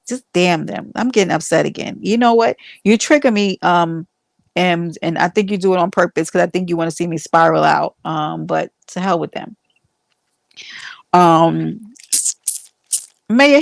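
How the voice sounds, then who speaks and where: A woman's voice: fairly low pitch, gravelly, dry recording. A woman hosting a casual livestream, chatting with viewers and teasing them with playful mock outrage. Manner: rambling with restarts and fillers. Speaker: livestream host.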